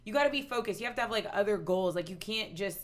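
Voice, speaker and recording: A woman's voice: medium pitch, animated, quick pace. A woman from Texas in her thirties, telling stories as a podcast guest with lots of laughter and "like" fillers. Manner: chatty storytelling, laughing often, heavy "like" fillers. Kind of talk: casual chat.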